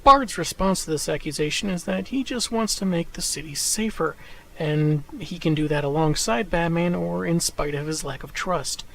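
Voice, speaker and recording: A man with a fairly high voice reads a scripted comic recap at an even clip. He slips dry, sarcastic jabs into the summary. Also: gravelly, poor audio. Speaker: comic book reviewer. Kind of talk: scripted narration.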